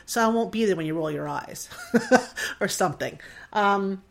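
A woman's voice: medium pitch, a little slow, vocal fry. A woman in her forties talks alone into her podcast mic. Her talk rambles, emotional and self-deprecating, and she keeps laughing at herself. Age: 40s. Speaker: podcast host. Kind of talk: solo podcast monologue. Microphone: desk mic in front of a screen.

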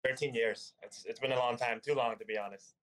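A man in his thirties, a guest on a podcast interview, relaxed, loosely phrased and quick to laugh. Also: medium pitch, poor audio. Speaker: podcast guest, agency founder.

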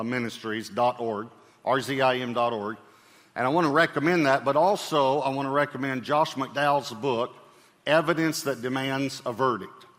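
A man preaching to his congregation in a relaxed, conversational way, dropping in small jokes and casual fillers. His voice sits at a middle pitch and carries a long reverb from a large church auditorium. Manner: conversational, with fillers and light humor. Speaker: pastor. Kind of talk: sermon.

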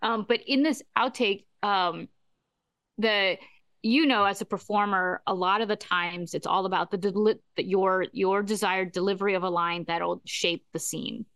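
A woman talks through a TV episode with a co-host in an easy, animated way. She slips into quick impressions of lines and laughs often. Her voice sits at an ordinary middle pitch and sounds dry and close, with no room around it. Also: no echo. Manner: animated storyteller, acts out quotes, laughs often. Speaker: podcast co-host. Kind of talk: casual chat recapping a TV episode.

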